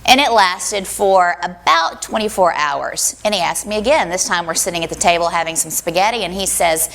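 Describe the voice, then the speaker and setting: A woman's voice: on the low side, lively intonation, moderate pace, hardly any pauses, fairly bright tone. A woman telling a personal story on stage in a live storytelling style, acting out the voices she quotes. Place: small stage venue.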